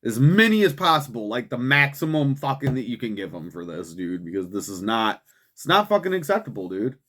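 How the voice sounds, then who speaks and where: A man's voice: medium pitch, sing-song, a little fast, a bit bright. Heated, profane male commentary host. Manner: profane, heated, swearing constantly; frequent fillers like "man" and "dude". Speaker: host of a political commentary show. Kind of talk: angry ranting commentary.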